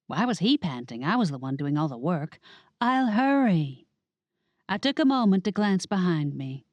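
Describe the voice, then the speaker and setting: Woman narrator for a comic mystery audiobook; wry, very expressive rise and fall. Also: low-pitched, fairly quick, no room sound. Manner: animated, wry, dramatic. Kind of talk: first-person audiobook narration.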